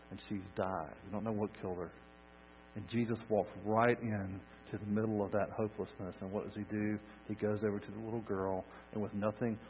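A man preaching a sermon, swinging from loud emphasis to soft, hushed lines. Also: lowish voice. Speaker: pastor. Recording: dull lo-fi recording with mains hum.

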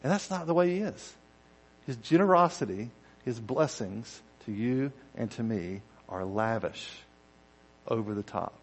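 A man preaching a conversational sermon, dropping to quiet intensity and rising to loud, emphatic bursts, acting out quoted voices in asides. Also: medium pitch, measured pace, low-quality recording. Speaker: pastor.

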